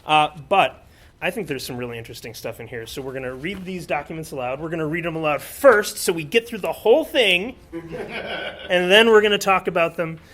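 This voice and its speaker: A man's voice: fairly high pitch, lively intonation, fairly quick, fairly bright tone. A man hosting a live podcast at a convention seminar, chatty and upbeat as he explains the episode to the audience. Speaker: podcast host.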